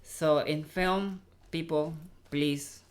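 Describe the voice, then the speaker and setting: A man with a Mexican accent, a Spanish speaker talking as an actor guest in a casual interview, halting and restarting as he searches for English words. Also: on the high side, steady tone, a little hiss or hum.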